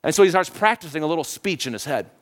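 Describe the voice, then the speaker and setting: A man preaching a sermon and retelling a story in a conversational, animated way, often asking the listeners questions. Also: fairly high pitch, fast.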